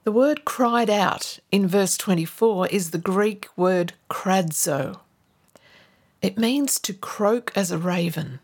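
A woman's voice: mid-range voice, slow, breathy edge. A woman pastor giving a sermon to her church, earnest and emphatic, acting out the people she quotes.

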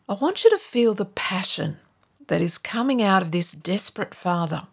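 A woman's voice: mid-range voice, animated, normal speed, vocal fry, slightly rough. A woman pastor giving a sermon to her church, earnest and emphatic, acting out the people she quotes.

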